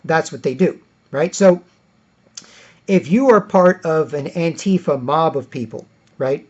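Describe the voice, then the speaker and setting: Rambling man, higher voice. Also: measured pace, darkish tone, muffled recording. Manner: rambling, repetitive, emphatic. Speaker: political vlogger. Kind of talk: political rant monologue.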